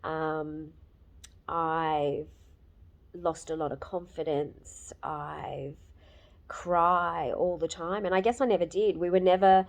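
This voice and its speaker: A woman in her fifties giving a candid, emotional personal testimonial, with many fillers and pauses. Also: sits low, fairly even intonation, gravelly. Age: 50s. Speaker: program client giving a testimonial.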